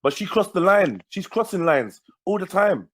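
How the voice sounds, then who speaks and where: A man from Nigeria arguing forcefully on a livestream, repeating words and cutting in. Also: high voice, big pitch swings, moderate pace, breathy edge. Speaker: livestream host. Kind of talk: heated livestream argument.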